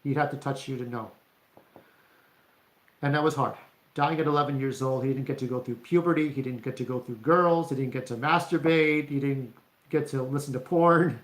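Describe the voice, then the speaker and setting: A man's voice: mid-range voice, moderate pace. A man delivering a rambling, profane rant to camera as a vlogger, often checking in with "okay?". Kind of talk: ranting monologue to camera. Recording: roomy echo.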